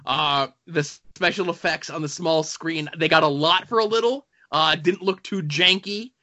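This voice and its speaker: A man's voice: fairly high pitch, moderate pace, bright, forceful tone. A man co-hosting a podcast, chatting casually and joking as he rambles with fillers about comics and TV. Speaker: podcast co-host. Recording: dull lo-fi sound.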